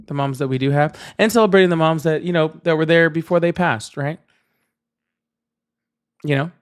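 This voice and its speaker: Livestream host, man, slightly high voice, loose rambling delivery to chat. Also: normal speed, clean tone. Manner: rambling, repeats himself, talks straight to chat. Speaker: livestream political debate host.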